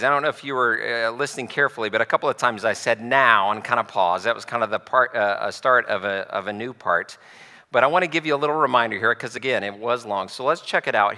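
A man preaching a sermon, retelling stories in a conversational, explanatory way with pauses. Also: mid-range voice, pushed and bright, in a large hall. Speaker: pastor.

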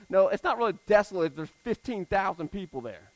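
Male pastor, high-pitched, conversational sermon delivery with casual asides, dry sound. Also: fast talker, few pauses, no room sound, low-quality recording. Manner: conversational preaching with casual fillers; swings between emphatic and hushed.

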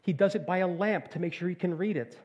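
A middle-aged man preaching a sermon, retelling a fairy tale in a lively storytelling manner before drawing out the lesson. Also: high voice, fast, lo-fi sound. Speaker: pastor.

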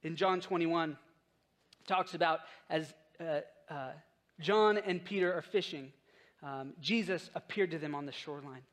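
A man with a fairly high voice gives a sermon in a relaxed, conversational way. He tells the story and acts out the lines of the people in it. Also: moderate pace. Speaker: pastor.

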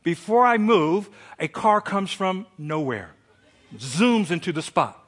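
A middle-aged man preaching a sermon, telling a story with big swings from hushed asides to shouted lines. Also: sits high, big pitch swings, slow. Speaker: pastor.

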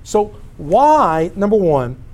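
A man teaching a casual Bible lesson, telling stories in an animated way and often breaking off to restart a phrase. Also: high-pitched, slow pace. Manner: storytelling, animated, self-interrupting.

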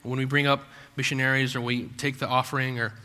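A man's voice: medium pitch, level tone, quick pace, sharp tone, clear, resonant tone. A man preaching a sermon in a conversational way, full of rhetorical questions and acted-out quotes. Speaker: pastor. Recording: long hall reverb.

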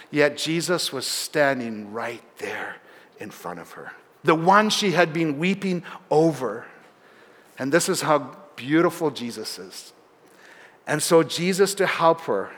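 A man preaching a sermon in a church, telling the story earnestly and often dropping softer for emphasis. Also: sits high. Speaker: pastor. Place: church sanctuary. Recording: long hall reverb.

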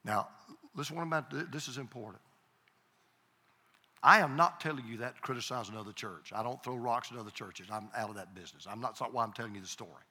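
A man preaching a sermon as pastor, telling a story with repeated starts and emphatic pauses. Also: medium pitch, pushed and bright, breathy edge, in a large hall.

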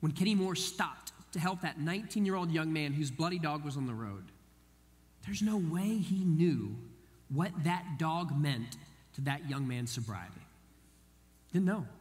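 A man preaching a sermon, telling a story in an animated way and acting out the voices of the people in it. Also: a little high, a little slow. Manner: animated, acts out quoted voices. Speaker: pastor. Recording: long hall reverb.

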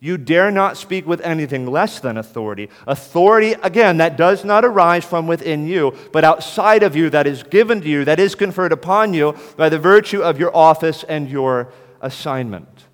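Forceful man preaching in a reverberant hall. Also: a little high, normal speed. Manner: forceful, emphatic repetition. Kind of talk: sermon to pastors.

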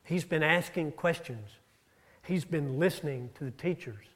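Guy preaching, kinda higher voice, tells the bible stories with lots of ups and downs. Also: moderate pace. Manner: storytelling, rises and drops in pitch and loudness. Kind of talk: sermon. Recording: audio-only church recording.

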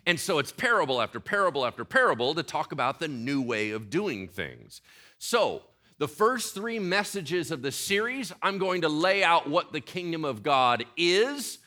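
Animated pastor with a bright voice. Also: male voice, a little high. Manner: conversational, animated, asks the congregation questions. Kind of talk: sermon.

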